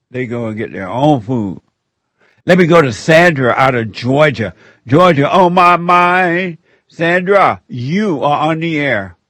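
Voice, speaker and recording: A man's voice: mid-range voice, dry recording. A man hosting a call-in radio show, rambling and laughing as he gives spiritual counsel.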